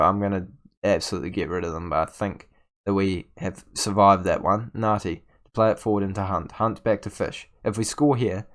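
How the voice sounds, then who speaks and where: A young man giving casual commentary on his football management game, getting frustrated with his team and stammering through restarts as he rants at the players. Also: low-pitched. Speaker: gaming YouTuber.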